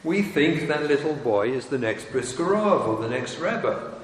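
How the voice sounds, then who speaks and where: Slow-speaking rabbi in an echoey hall. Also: male voice, fairly high pitch, animated. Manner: emphatic, wry and teasing. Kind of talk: lecture to parents. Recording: echoey hall with faint noise.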